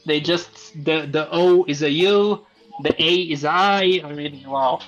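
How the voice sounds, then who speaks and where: A man's voice: fairly high pitch, unhurried, fairly bright tone, dull audio, soft background music. A man hosting a casual live stream, chatting and joking with his guests. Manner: chatty, laughs often, jokes with guests. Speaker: stream host.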